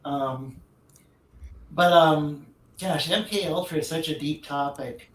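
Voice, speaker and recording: A man's voice: a little high, takes it slowly, fairly bright tone. A man co-hosting a podcast, talking casually and hesitantly, searching for his words. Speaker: podcast co-host. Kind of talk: casual chat. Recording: roomy distant mic with faint noise.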